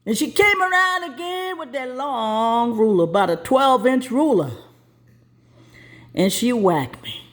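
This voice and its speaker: A woman's voice: a little high, measured pace. A woman telling a personal story in a folksy, plain-spoken way with colloquial grammar, acting out the voices as she goes. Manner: lively, acts out voices as she tells.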